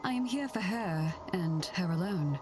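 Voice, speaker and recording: A man voicing a prim, formal woman chaperone in a tabletop mystery game, speaking in a crisp, proper way. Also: sits high, animated, measured pace, voice pushed up. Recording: noisy background.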